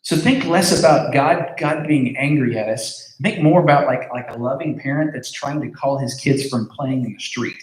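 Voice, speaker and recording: A man's voice: medium pitch, moderate pace, few pauses. A man giving a casual youth group talk as pastor, conversational, with many fillers and repeated words. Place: large room with a group. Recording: echoey room.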